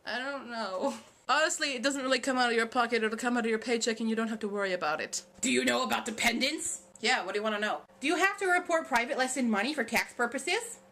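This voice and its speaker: A woman's voice: fairly high pitch, fast, pushed and bright. A woman in her twenties answering viewer questions in a casual vlog, with a jokey, sarcastic manner. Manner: sarcastic, jokey, self-mocking.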